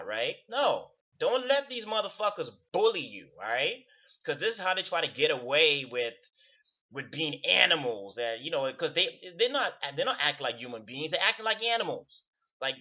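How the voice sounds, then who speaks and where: A man's voice: fairly high pitch, sharp tone, muffled recording. A man talking to camera in a casual, profane rant, repeating words for stress. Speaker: video commentator. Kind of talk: casual ranting monologue.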